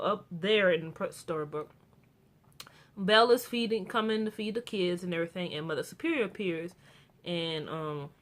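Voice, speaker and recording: A young woman recapping a TV episode in a casual, rambling way, full of restarts and fillers. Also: lowish voice. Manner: gets excited and animated about the characters. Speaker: TV show reviewer.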